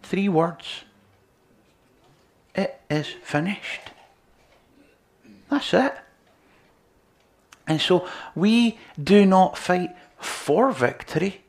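A man preaching a sermon, earnest, moving between loud emphasis and quiet, near-whispered lines. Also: high-pitched, expressive, extremely slow, gravelly.

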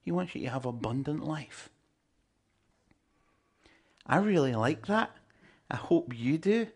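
A man's voice: a little high, animated, slow. A man preaching a sermon, emphatic and joking with his listeners. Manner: emphatic, humorous asides to the congregation.

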